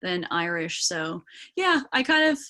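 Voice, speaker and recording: A woman's voice: on the low side, big pitch swings, a little slow, pushed and bright. Rambling young woman from British Columbia. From British Columbia, Canada. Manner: rambling, many ums and yeahs. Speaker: actor and singer as interview guest. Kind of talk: casual interview chat.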